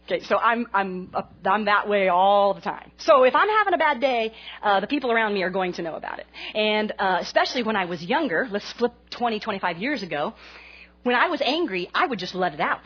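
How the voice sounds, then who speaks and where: A woman in her forties preaching a sermon to a congregation, an animated and self-mocking storyteller. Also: mid-range voice, a little fast, breathy edge, muffled recording. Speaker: pastor's wife speaking to a congregation.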